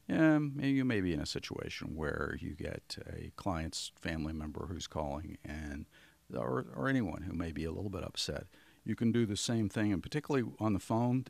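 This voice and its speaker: Man, communication trainer, deep voice, folksy conversational lesson, dry close sound. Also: vocal fry, dry recording. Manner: folksy, conversational, explains with homely examples. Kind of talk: instructional talk to camera.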